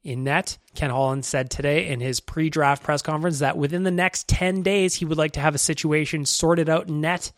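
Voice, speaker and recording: Brash young Canadian podcast host, slightly high, dry close mic. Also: male voice, fairly even intonation, moderate pace, hardly any pauses, no room sound. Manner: brash, blunt, swears freely. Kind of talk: casual sports podcast talk with ad reads.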